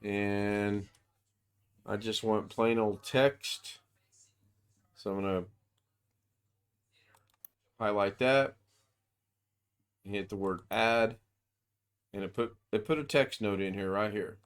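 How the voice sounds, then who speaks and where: A man's voice: fairly low pitch, steady tone, takes it slowly, long pauses, clear, resonant tone. A man giving a casual screen-share tutorial over a video call, thinking aloud as he goes and rambling with frequent restarts. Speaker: software demonstrator.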